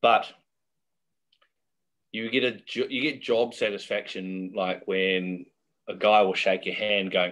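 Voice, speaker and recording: A man's voice: sits low, steady tone, a little slow, a bit bright, muffled recording. A middle-aged man, a guest telling chatty, laughing anecdotes in a casual interview.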